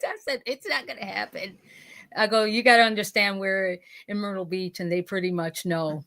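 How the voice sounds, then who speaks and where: Woman guest, chatty and rambling, average pitch, relaxed live-stream chat. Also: normal speed. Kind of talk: casual chat.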